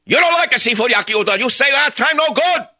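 A man putting on a blunt male restaurant boss, clipped broken English, voice pushed very high and loud. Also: lively intonation, fast, muffled recording, full character voice. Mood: scolding.

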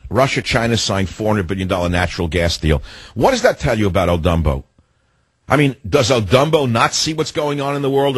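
Husky, low-voiced sarcastic talk radio host, man. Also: no echo. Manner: sarcastic, mocking, ranting with nicknames and sudden pitch jumps. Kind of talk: political talk radio monologue.

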